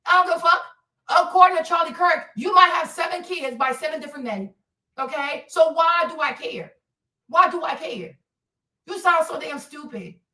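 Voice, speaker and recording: High-pitched woman ranting profanely. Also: animated, normal speed, sharp tone, echoey room, recorded from a distance. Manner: profane, confrontational, repeats insults. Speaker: streamer reacting to a clip. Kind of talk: livestream rant.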